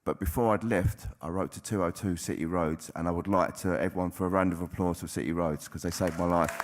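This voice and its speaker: A man's voice: low voice, steady tone, brisk, a faint crowd, a little hiss or hum. A man giving a candid personal testimony to an audience, speaking bluntly and swearing freely. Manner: blunt, plain-spoken, with frequent swearing. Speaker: recovering addict sharing at a convention.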